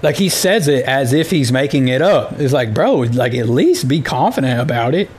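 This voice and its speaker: A man's voice: medium pitch, lively intonation, normal speed, darkish tone, husky. A man from the United States hosting a casual solo podcast, telling rambling, exasperated stories with plenty of filler words. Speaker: podcast host.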